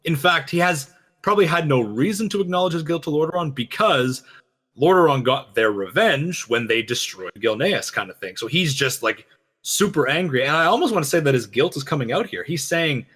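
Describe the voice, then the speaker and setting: A man co-hosting a game lore reaction show, talking fast and animatedly, acting out quoted lines. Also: a little high, a bit bright, husky. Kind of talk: casual chat, lore analysis.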